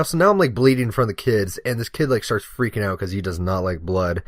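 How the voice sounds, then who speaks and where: A young man telling a long, rambling, joking story over gameplay, full of swearing and deadpan jokes. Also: lowish voice, quick pace, few pauses, no echo, clean studio sound. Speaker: guest commentator, firefighter-medic.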